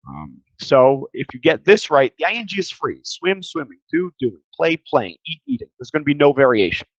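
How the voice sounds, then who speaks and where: A man's voice: fairly high pitch, very animated, moderate pace, no echo. A man teaching English grammar in a casual, chatty way, tired and often repeating words as he thinks. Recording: slightly dull lo-fi sound.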